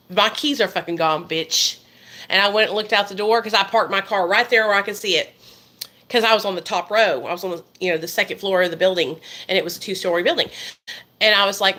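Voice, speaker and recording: Woman in her thirties, bright voice, swears a lot, casual storytime to viewers. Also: mid-range voice. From Arkansas, USA. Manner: profane, emphatic, talks straight to viewers. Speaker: vlogger.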